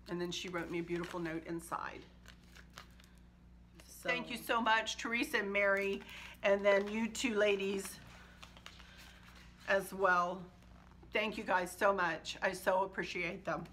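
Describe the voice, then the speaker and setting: Gushing, bright-voiced woman vlogger. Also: mid-range voice, fairly even intonation, takes it slowly, long pauses, a little hiss or hum. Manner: warm, gushing and emotional, laughs often. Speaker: home decor channel host. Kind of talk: casual chat to viewers.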